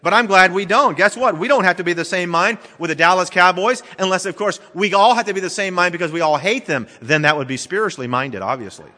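A middle-aged male pastor preaching a sermon in a church, dramatically swinging between emphatic and hushed delivery. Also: high-pitched, fast, hardly any pauses. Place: church sanctuary. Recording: long reverb of a large church hall.

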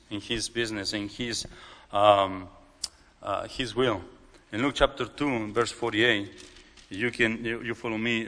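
A man with a Mexican accent, a native Spanish speaker, preaching a sermon in halting English, often repeating and restarting words. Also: lowish voice, fairly bright tone. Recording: long hall reverb.

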